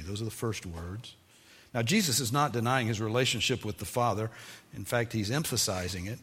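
A man giving a sermon, reading scripture aloud and then explaining it in a measured teaching tone. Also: on the low side, a bit bright, long reverb tail, a little hiss or hum. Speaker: preacher.

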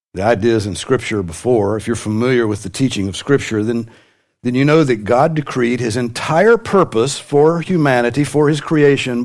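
A man's voice: medium pitch, darkish tone. A man preaching a sermon to a congregation, with light humor and sudden rises in his voice for emphasis. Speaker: pastor.

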